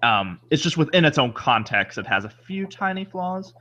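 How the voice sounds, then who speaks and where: A man co-hosting a podcast rambles through casual chat, animated and correcting himself as he goes. His voice is fairly high and his pace moderate, with lo-fi sound.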